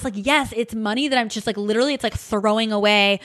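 A woman hosting a podcast, telling a personal story in a candid, animated way, with many fillers and some swearing. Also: on the high side, fast, few pauses. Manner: seen on camera holding crystal wands. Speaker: podcast host. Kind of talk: personal reflective monologue.

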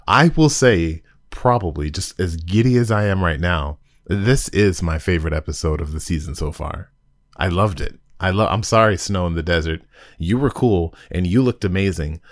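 Giddy deep-voiced man reviewing. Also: no room sound, clean studio sound. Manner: giddy and animated, with restarts and sudden high exclamations. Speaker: podcast host reviewing an episode. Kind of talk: casual excited review chat.

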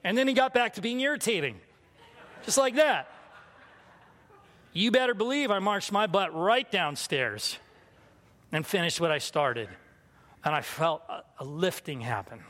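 Guy pastor, kinda high voice, candid and poking fun at himself, big hall echo. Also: expressive, measured pace, long pauses, a bit bright. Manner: candid, self-mocking storytelling. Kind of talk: sermon with personal story. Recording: long hall reverb.

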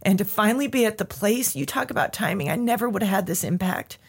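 A woman's voice: medium pitch, animated, fast talker, creaky, husky. A woman guest on a podcast, telling a personal story in a heartfelt way, at times tearful.

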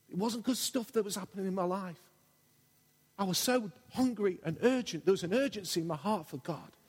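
A man's voice: sits high, fairly quick, a little mellow, breathy edge. A man preaching a sermon in a church, impassioned and repetitive in his delivery. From England. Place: large church hall. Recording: long church hall reverb.

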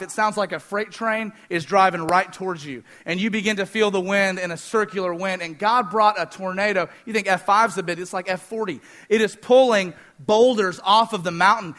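A young man preaching a sermon, telling a story in an animated way and asking the audience questions. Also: high voice.

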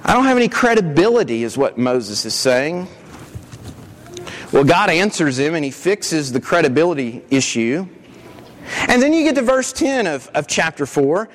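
Pastor, man, high voice, earnest sermon delivery with frequent restarts. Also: big pitch swings, unhurried, long pauses. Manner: earnest, repeats words when restarting.

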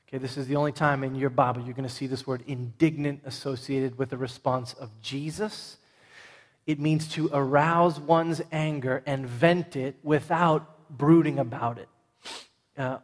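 A man preaching a sermon as pastor, emphatic, swinging from loud points to hushed ones. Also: medium pitch, steady tone, moderate pace. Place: large church sanctuary. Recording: long reverb of a large church hall.

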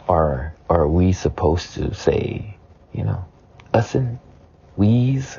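A man's voice: sits low, animated, slow pace, vocal fry, warm tone, slightly rough. A spiritualist man in a raw, emotional monologue, tearful and repeating himself, swearing as he vents. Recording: dull lo-fi recording.

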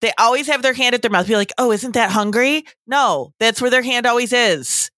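A bright, clear woman's voice talks casually as a podcast co-host, chatty and animated and full of "like" and "you know". The sound is dry and close to the mic, with no room around it. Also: fairly high pitch, fairly quick, dry recording. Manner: chatty, animated, lots of fillers.

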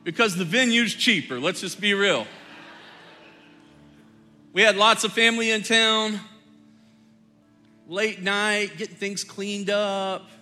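Bright-voiced middle-aged pastor, joking sermon. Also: male voice, sits high, slow, pauses often, faint music behind. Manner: conversational, joking storyteller. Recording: long hall reverb.

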